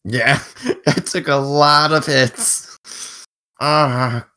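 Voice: mid-range voice, steady tone, drawn-out words, bright, forceful tone, smooth. A player in a tabletop game, chatting casually and joking.

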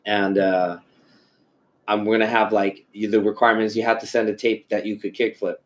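A man's voice: on the low side, normal speed. A man chatting casually on a podcast, telling stories and acting out friends' lines, swearing freely. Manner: profane, animated storytelling with quoted voices. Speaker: podcast host. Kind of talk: casual chat.

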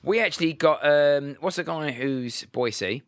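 A man co-hosting a podcast in sweary, excitable, laughing banter. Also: a little high, measured pace. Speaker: podcast co-host. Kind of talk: casual banter.

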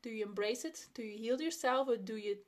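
A woman's voice: on the high side, brisk. A young adult woman hosting a solo podcast, talking openly and personally, laughing often and restarting her sentences. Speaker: podcast host. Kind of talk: reflective solo podcast talk.

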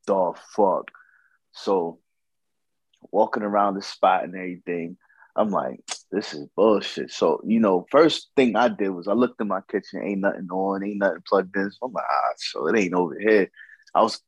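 Low husky-voiced man telling a story. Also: moderate pace, no echo, dull audio. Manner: slangy, profane, animated quoting of others. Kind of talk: casual storytelling.

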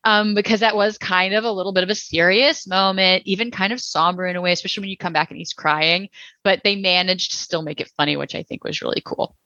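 Bright chatty woman, dull dry recording. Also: mid-range voice, fairly even intonation, fast talker, no echo. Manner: chatty, rambling with many fillers. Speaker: podcast co-host. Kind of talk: casual TV review chat.

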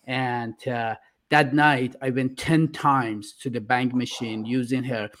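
A middle-aged man from Iran, a podcast guest talking earnestly and haltingly, with many "uh" fillers. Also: medium pitch, steady tone, a bit bright. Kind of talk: casual interview talk.

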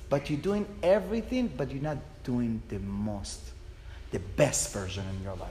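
A man's voice: medium pitch, sing-song, moderate pace, darkish tone, echoey room, long reverb tail, low-quality recording. A man, a rabbi, telling a personal story in a passionate, emotional way.

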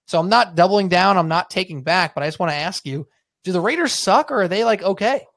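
A man co-hosting a sports podcast, chatting casually and telling rambling, animated stories. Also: high-pitched, brisk, creaky, dry recording. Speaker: podcast co-host.

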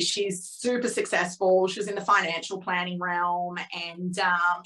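Bright-voiced woman telling a candid story. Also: mid-range voice, rough recording. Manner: frank and emotional, peppered with fillers and swearing. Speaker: podcast guest.

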